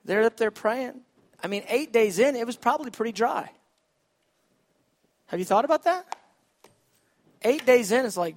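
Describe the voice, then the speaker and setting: A man preaching a sermon, animated, swinging between shouts and hushed, quiet lines. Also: very high voice, normal speed, pauses often. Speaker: pastor.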